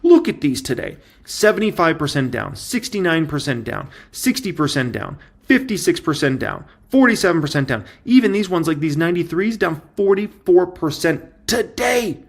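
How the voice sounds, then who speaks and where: Emphatic, excitable man with lively pitch. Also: moderate pace, creaky, hardly any pauses. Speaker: stock market commentator. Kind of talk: casual market commentary to camera.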